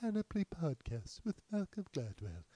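A man with a slightly raised voice riffs through a casual comic monologue, swearing freely and jumping between tangents. He bursts louder whenever a bit takes off. The sound is close and dry with no room around it. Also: a little high, big pitch swings, dry recording. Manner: rambling, profane, quick tangents with sudden bursts of volume. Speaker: podcast host.

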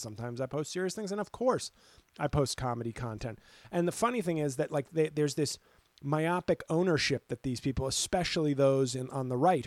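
A man's voice: a little high, no echo. A man, a comedian hosting his own podcast, ranting in a casual monologue with sarcasm and plenty of swearing. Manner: animated, ranting, swears freely; sarcastic, talks back to critics.

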